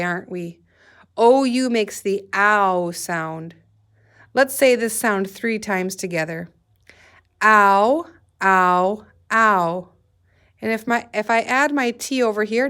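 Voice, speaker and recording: A woman's voice: mid-range voice, a bit bright, smooth. A woman teacher leading a guided reading lesson for young children, patiently sounding out letters and words.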